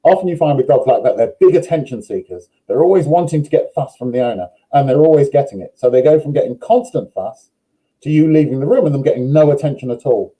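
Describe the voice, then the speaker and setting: A man, a dog trainer, explaining step by step in a steady, instructive way during a live online question session. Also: medium pitch, fast talker, rough recording.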